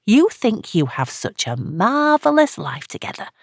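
A woman's voice: mid-range voice, very animated, a little slow, creaky, dry recording, studio quality, pitched above the performer's own voice, heavily acted. A woman narrator voicing a shaky, bitter middle-aged woman calling a radio advice show, her tone brittle and snappish. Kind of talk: audiobook character reading.

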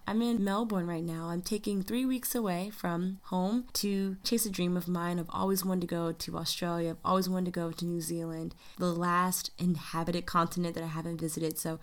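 A woman's voice: lowish voice, steady tone, moderate pace, hardly any pauses. A woman from the United States hosting a podcast, talking in a chatty, upbeat way and calling her listeners "y'all". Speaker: podcast host. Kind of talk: casual podcast monologue.

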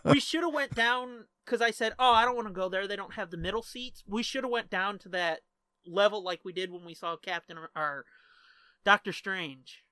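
A man co-hosting a podcast, recounting stories in a relaxed, swearing manner. His voice is bright and sharp. It sounds close and dry. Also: high voice, moderate pace, smooth, dry recording. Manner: laid-back, swearing, storytelling. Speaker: podcast co-host. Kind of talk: casual profane chat.

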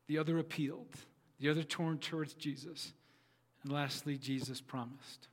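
A man's voice: on the high side, steady tone, normal speed, in a large hall. A man preaching a sermon as pastor, telling a story with earnest, repeated phrases.

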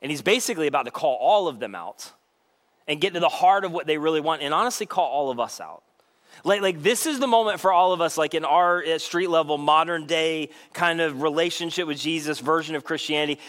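High-voiced man preaching casually. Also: fairly quick, a bit bright. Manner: casual, conversational preaching with frequent "like"; acts out quoted voices with shifts in pitch and pace. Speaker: pastor. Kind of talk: sermon.

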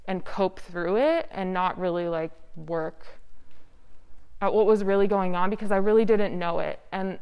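A woman's voice: mid-range voice, a little slow, darkish tone. A young woman sharing her recovery story at a meeting, candid and rambling, saying "like" often. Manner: candid, rambling, heavy use of "like". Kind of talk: personal testimony at a recovery meeting. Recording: smooth voice with long hall reverb.

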